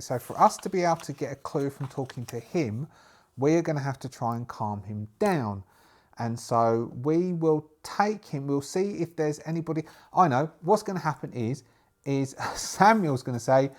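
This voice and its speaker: A man narrating his solo tabletop game, thinking aloud and pausing over his moves. His voice is mid-pitched and his delivery halting, full of restarts. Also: expressive.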